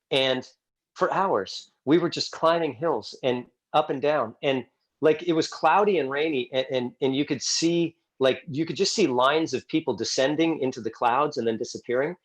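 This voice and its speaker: Man telling lively war stories. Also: mid-range voice, normal speed. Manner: lively storyteller, repeats words. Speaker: podcast co-host, gym coach. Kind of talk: casual chat.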